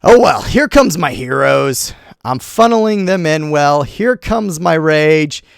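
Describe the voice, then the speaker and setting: A man commenting on a replay of his own game, animated and self-critical, talking to himself as he goes. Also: on the high side, creaky, no echo, clean studio sound. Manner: self-critical, talks to himself while narrating; animated, quick swings between groans and cheers. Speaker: gaming channel host.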